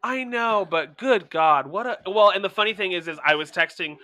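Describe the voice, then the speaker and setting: A man co-hosting a relaxed podcast, spinning animated, profanity-laced stories to his friend. His voice sits high and bright. The sound is close and dry. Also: normal speed, no room sound. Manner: swearing, storytelling, animated. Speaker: podcast co-host. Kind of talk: casual chat.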